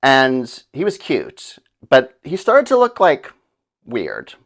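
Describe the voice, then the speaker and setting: A man's voice: medium pitch, huge pitch swings, slow pace, heavily acted. A man playing a brash, chatty woman named Gladys, telling her disaster story as a breezy, flippant comedic monologue.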